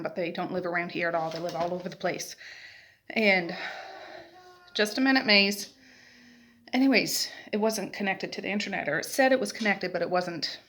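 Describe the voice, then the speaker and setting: A mid-range, fairly bright voice belongs to a middle-aged Nova Scotian vlogger and mother. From her rocking chair at home, she rambles casually through stories of her day, leaning heavily on fillers.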